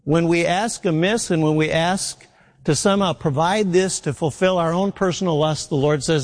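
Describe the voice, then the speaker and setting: A man's voice: a little high, normal speed, long reverb tail. A man preaching a sermon in an earnest, emphatic way, repeating his key phrases.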